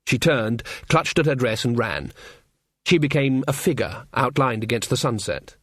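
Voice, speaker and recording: A man reading a novel aloud as an expressive audiobook narrator. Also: mid-range voice, normal speed, dry recording, clean studio sound. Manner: expressive storytelling. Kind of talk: scripted narration.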